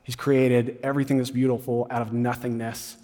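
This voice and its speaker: Male campus pastor, casual sermon delivery with asides, average pitch, long reverb. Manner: conversational, animated retelling with quick asides.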